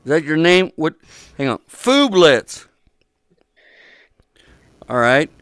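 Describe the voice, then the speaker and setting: Man, slightly high smooth voice, dry close headset sound; casual crude joker roasting strangers in VR. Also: very animated, slow pace, fairly bright tone, no room sound. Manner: teasing, crude banter with strangers. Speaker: VR chat YouTuber. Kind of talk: casual joking commentary. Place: social VR game room.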